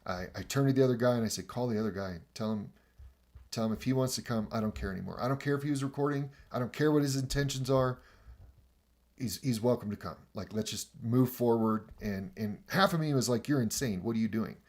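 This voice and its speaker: A man's voice: medium pitch, brisk. A man casually recounting a personal story, acting out quoted dialogue and chuckling as he goes. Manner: animated, acts out quoted dialogue, chuckles mid-sentence; frequent fillers and restarts, conversational. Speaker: podcast host recounting a pilgrimage.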